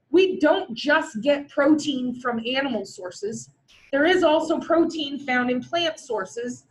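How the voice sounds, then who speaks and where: A woman teaching veterinary technicians in a classroom, blunt and joking with an emphatic delivery, in an echoey room with the mic far away. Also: high voice. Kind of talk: classroom lecture.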